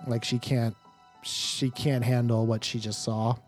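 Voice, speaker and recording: A man's voice: medium pitch, flat delivery, unhurried, a little mellow, soft background music. A man running a tabletop game as game master, narrating in a meandering way with lots of fillers.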